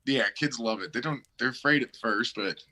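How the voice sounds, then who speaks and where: Brief: man, 40, bright voice, relaxed and short-spoken in casual chat. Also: mid-range voice, moderate pace. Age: 40s.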